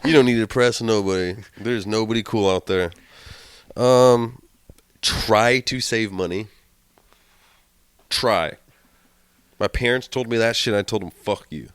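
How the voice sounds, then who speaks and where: A man's voice: on the low side, a little slow, pauses often, clear, resonant tone. A young man co-hosting a podcast, telling stories in blunt, profane casual chat. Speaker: podcast co-host.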